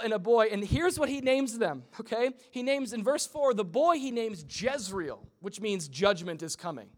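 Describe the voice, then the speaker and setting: A young male pastor with a high, light voice delivers a sermon. He keeps it casual and funny, and jumps in and out of quick impressions of the people in his story. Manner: conversational and humorous, acting out quick voices.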